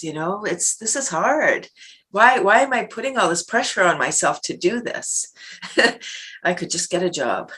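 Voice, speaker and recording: A woman's voice: mid-range voice, animated, normal speed, sharp tone. A middle-aged woman guest on a podcast, talking casually and animatedly, laughing often and acting out little everyday scenes. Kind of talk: casual interview talk.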